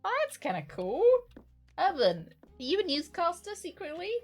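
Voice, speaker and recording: A woman's voice: high voice, very animated, normal speed, soft background music. A woman streaming a game, chatting casually with her viewers and often restarting her sentences. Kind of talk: casual chat while gaming.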